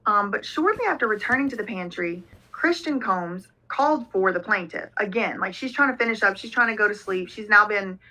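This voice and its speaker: A woman's voice: medium pitch, animated, a little fast, few pauses, bright, forceful tone, poor audio. A woman hosting a reaction video, casually reading a document aloud and commenting on it with lots of fillers. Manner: conversational, reads documents aloud with frequent fillers. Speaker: reaction channel host.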